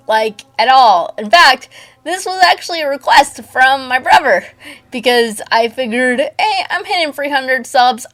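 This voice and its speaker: A woman's voice: sits high, lively intonation, unhurried, fairly bright tone. A young woman narrating her drawing video in a casual, rambling way, putting on a Southern US twang and often stumbling and correcting herself. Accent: put-on Southern US twang. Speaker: speedpaint artist and channel host.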